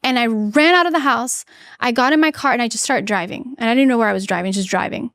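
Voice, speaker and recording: A woman with a fairly high voice tells an earnest personal story as a podcast guest. She halts often, restarting her sentences and filling the gaps with fillers. Her voice sounds dry and close to the mic. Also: fast, a bit bright, no room sound.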